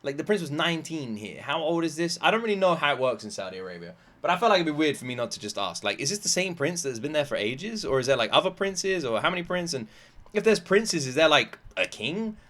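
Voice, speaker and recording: A man's voice: on the high side, big pitch swings, quick pace, a bit bright. A man from Britain reacting casually to a comedy clip, rambling with lots of fillers. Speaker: reaction video host.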